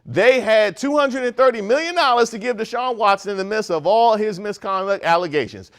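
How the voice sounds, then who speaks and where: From Prince George's County, Maryland, in the US, this man hosts a comedic news segment full of wry, sarcastic commentary. He talks briskly in a high-pitched voice.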